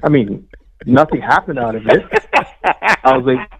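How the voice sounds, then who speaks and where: A man talks sports as a co-host, rushing into stories with plenty of excitement. His voice sits at an ordinary pitch. The recording sounds muffled and lo-fi. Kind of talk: casual sports talk chat.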